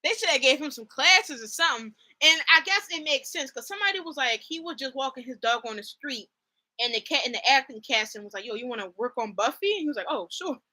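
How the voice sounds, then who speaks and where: Bright, high-voiced young woman vlogger. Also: fast talker. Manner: animated, laughing, slangy, does mock accents. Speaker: host. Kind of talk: casual commentary vlog.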